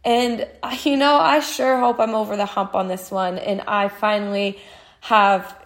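A woman's voice: medium pitch, fairly even intonation, unhurried. A woman in her twenties hosting a podcast, talking through her feelings in a candid, heartfelt monologue full of "like" fillers. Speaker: podcast host. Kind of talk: casual personal monologue.

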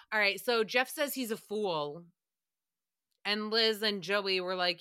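A woman hosting a podcast, recapping a radio show in a casual, sarcastic and profane way, often breaking into loud laughs. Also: mid-range voice, slow pace, smooth, no room sound, studio quality.

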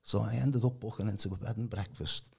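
A man's voice: lowish voice, fairly even intonation, a little fast. A man, giving a rambling casual testimony as a podcast guest, full of colloquial fillers. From Birkenhead, England. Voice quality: gravelly, very husky.

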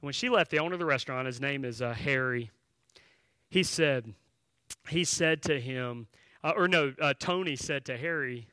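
Bright, forceful male pastor. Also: medium pitch, normal speed, clear, resonant tone, dry recording. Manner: conversational, with filler words and restarts while telling a story; emphatic, direct appeals to the congregation. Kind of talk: sermon storytelling.

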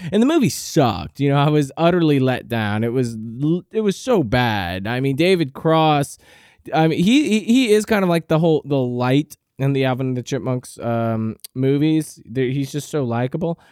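A man hosting a podcast, telling a comic story in a profane, rambling monologue with deadpan exaggeration. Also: medium pitch, clear, resonant tone, no echo, clean studio sound. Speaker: podcast host.

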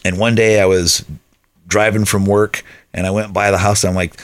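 A man's voice: on the low side, flat delivery, moderate pace. A man in his thirties, a podcast guest, telling his life story in a conversational way and acting out what his friends said.

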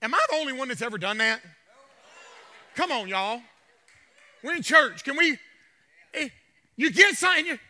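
A man preaching in a church, his voice pitched very high and ringing bright. He drives his points home with rising, emphatic shouts, then drops into joking asides with the congregation. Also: sing-song, moderate pace, long pauses. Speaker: pastor. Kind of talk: sermon. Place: church sanctuary. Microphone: handheld mic with trouble.

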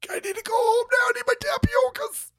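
A man's voice: a little fast, fairly bright tone. A man doing a whiny old politician. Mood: whining. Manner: whiny, high and strained. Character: feeble whining elderly male politician.

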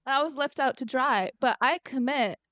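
A young woman co-hosts a casual podcast, animated and quick to joke at her own expense. Her voice sits a little high and comes across smooth and clear on a dry, close home mic. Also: no echo. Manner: animated, jokey, self-deprecating. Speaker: podcast co-host. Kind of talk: casual chat.

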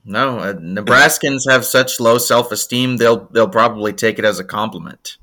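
A man's voice: medium pitch, moderate pace, pushed and bright. A man co-hosting a film podcast in casual chat, with a dry, sarcastic manner. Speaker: podcast co-host.

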